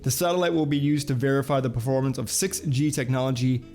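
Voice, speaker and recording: A man's voice: mid-range voice, fairly even intonation, fast talker, darkish tone, soft background music. A man hosting a casual video show, reading headlines and chatting with lots of filler uhs. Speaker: host.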